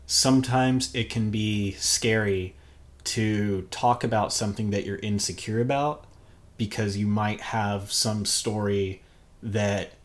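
A man's voice: on the low side, steady tone, takes it slowly. A man co-hosting a podcast, talking about relationships in an earnest, reflective way. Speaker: podcast co-host. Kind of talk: candid relationship podcast talk.

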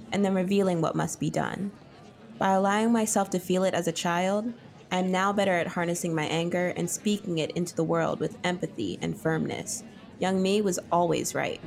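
Podcast host, woman, low and gravelly, measured script reading. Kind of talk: scripted introductions.

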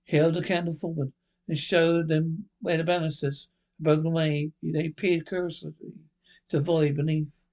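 A man reading a ghost story aloud in a plain, steady manner, with occasional slips. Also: on the high side, moderate pace. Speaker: narrator.

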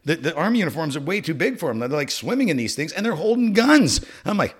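Profane, animated middle-aged storyteller man. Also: fairly high pitch, fast talker, breathy edge. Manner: profane, animated storyteller acting out voices and sounds. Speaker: podcast co-host. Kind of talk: casual storytelling chat.

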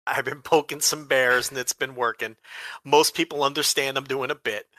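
A man's voice: mid-range voice, fairly even intonation, moderate pace, bright, forceful tone, no echo. A man from New Jersey co-hosting a podcast, ranting sarcastically with plenty of swearing. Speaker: podcast co-host. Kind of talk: casual chat.

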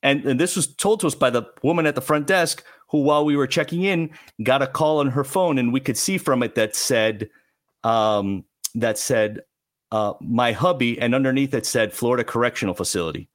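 Male podcast guest, casual storyteller, lively and self-deprecating. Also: medium pitch, moderate pace. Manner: animated, self-mocking, restarts phrases. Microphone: remote call.

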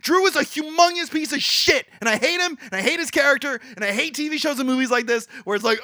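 A man co-hosting a podcast, ranting in casual movie review chat, exasperated and swearing, with quick voiced impressions. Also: extremely high pitch, pushed and bright, dry recording, studio quality. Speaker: podcast co-host.

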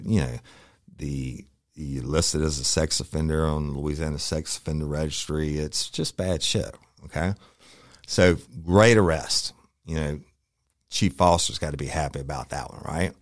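Very deep-voiced profane storyteller man. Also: no echo, studio quality. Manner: profane, rambling, acts out quoted lines. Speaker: police officer telling a war story. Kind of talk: casual spoken storytelling.

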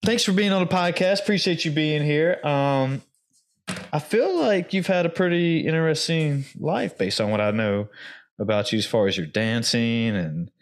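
A man's voice: a little high, normal speed. A man hosting a podcast, laid-back and encouraging, dropping short reactions as his guest talks. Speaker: podcast host. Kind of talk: casual interview chat.

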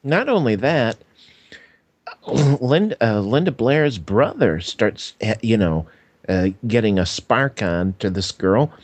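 A man co-hosting a podcast, chatting casually about a movie with many pauses and fillers. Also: fairly low pitch, lively intonation, husky, no echo. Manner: hesitant, full of uh fillers, laughs easily. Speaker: podcast co-host.

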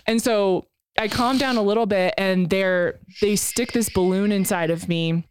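A woman's voice: medium pitch, steady tone, measured pace, clear, resonant tone, no room sound, clean studio sound. A woman in her thirties telling a personal story as a podcast co-host, frank and emotional, swearing casually.

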